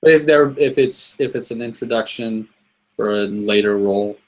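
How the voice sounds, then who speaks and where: A man's voice: fairly low pitch, normal speed, rough recording. A man, the host's brother and guest, talking through a casual movie discussion with repeated phrases and restarts.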